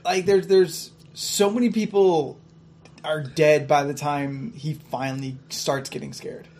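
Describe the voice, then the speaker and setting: A man's voice: fairly high pitch, fairly even intonation, a little slow, darkish tone, a little hiss or hum. A man in casual movie chat, making wry, profane jokes.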